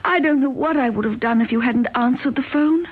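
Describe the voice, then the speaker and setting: A woman's voice: high voice, fairly quick, slight background noise, close to an everyday voice. An actress playing a frightened young British countess and mother in a 1970s radio drama, speaking with a British accent in a desperate, pleading way. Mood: earnest. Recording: tinny old radio broadcast.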